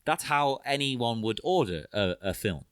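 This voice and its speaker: A man co-hosting a podcast, talking enthusiastically about a film. His pitch swings widely as he speaks. The sound is dry and close, with no room around it. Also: lively intonation, measured pace, smooth, dry recording. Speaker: podcast co-host. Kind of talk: casual film commentary chat.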